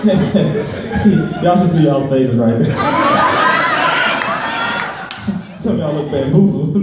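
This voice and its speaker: A man with a Southern American accent teases the crowd, his pitch leaping around as he draws out each line slowly. The sound is roomy and far from the mic, with a clear hum of live-venue noise behind him. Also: expressive. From born in Nigeria, raised in Alabama. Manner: playful, crowd-teasing, drawn-out delivery. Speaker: stand-up comedian. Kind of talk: stand-up comedy.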